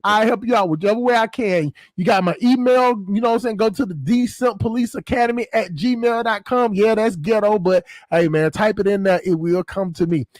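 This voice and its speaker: High-voiced slangy man hosting. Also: fairly quick, hardly any pauses, no room sound. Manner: slangy, rambling, laughs often. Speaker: host. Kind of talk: casual livestream chat.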